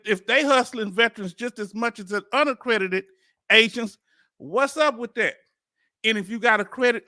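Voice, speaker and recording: Animated Southern man reacting, high bright voice. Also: no echo, clean studio sound. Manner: animated, incredulous, street slang, laughs often. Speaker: video host reacting to a hearing. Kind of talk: casual reaction commentary.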